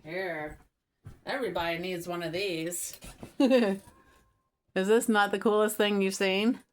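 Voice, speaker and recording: A woman's voice: medium pitch, steady tone, takes it slowly. A woman giving a casual tarot reading, talking straight to the viewer in a chatty way and laughing easily. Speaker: tarot reader. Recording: faint music behind.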